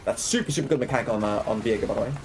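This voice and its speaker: Faint music sits behind this young man's fairly low voice as he provides live gameplay commentary. Streaming and coaching, he rapidly explains every move, keeps asking viewers "right?" and "okay?", and banters and laughs with chat.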